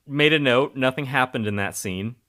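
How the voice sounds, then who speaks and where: Man co-host, bright forceful tone, dry wry humor, casual podcast chat. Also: mid-range voice, moderate pace. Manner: wry, laughing, dry jokes. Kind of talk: casual movie-review chat.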